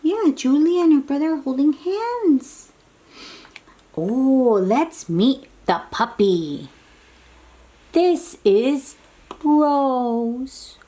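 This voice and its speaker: A woman reading a picture book aloud to toddlers, animated and sing-song and coaxing, sometimes dropping to soft whispers. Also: high voice, very slow, long pauses. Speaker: children's book reader.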